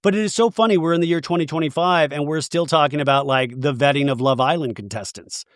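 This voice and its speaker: A man's voice: a little high, quick pace, dry recording, studio quality. A man hosting a podcast, chatting casually about pop culture and acting out quotes as he goes. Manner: chatty, swears, acts out quotes. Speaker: podcast host.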